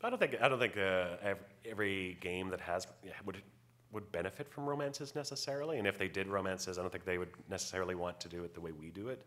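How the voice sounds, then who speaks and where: A man with a very low voice talks on a convention panel, stopping and restarting often as he explains things. His humor is dry and wry. The talk is casual. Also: fairly bright tone. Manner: halting, many restarts and fillers, wry. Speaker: game writer on a convention panel.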